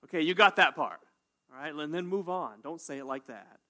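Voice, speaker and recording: A man preaching a sermon as pastor, animated and conversational, often asking "right?". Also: a little high, a little fast. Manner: animated, call-and-response, says "right?" often.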